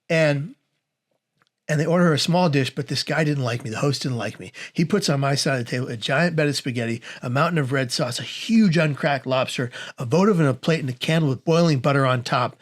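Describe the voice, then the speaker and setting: A man in his forties telling a comic story as a guest, animated and acting out the voices of the people in it. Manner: animated, acts out quoted voices with big pitch swings.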